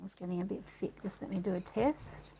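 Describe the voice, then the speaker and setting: A woman's voice: mid-range voice, brisk, creaky, warm tone, a little hiss or hum, poor audio. A woman giving a casual art demonstration, chatting and thinking aloud as she works, with delighted little gasps. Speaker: art supplies presenter.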